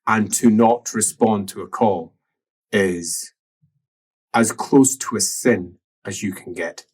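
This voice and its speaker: A man narrating a tabletop role-playing game as game master, in a musing way that drops to soft murmurs. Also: on the low side, takes it slowly, slightly rough.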